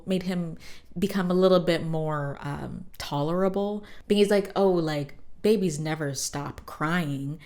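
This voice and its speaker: A woman's voice: lowish voice, a little mellow. A woman hosting a podcast, recapping a cartoon episode in casual, profane, joking chat with lots of fillers. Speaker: podcast host.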